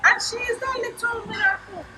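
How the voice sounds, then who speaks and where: A woman's voice: very high-pitched, steady tone, moderate pace, sharp tone, recorded from a distance, a little hiss or hum, exaggerated voice, poor audio. An actress with a Nigerian accent playing a firm mother lecturing her daughter. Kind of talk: Nollywood film acting.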